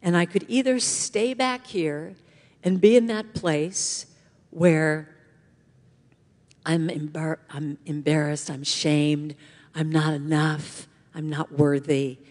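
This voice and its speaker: Woman guest speaker, middle-aged, lively storyteller, voice ringing in a big hall. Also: deep voice. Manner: animated storyteller acting out voices. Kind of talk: inspirational talk to a congregation. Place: large church hall. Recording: long hall reverb.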